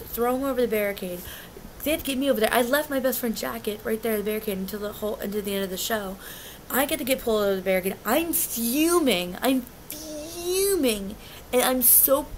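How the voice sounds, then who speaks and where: A woman's voice: fairly high pitch, slight background noise. A young woman telling a concert story in a casual vlog, agitated and rambling, often restarting and swearing. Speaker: concert fan recounting an experience.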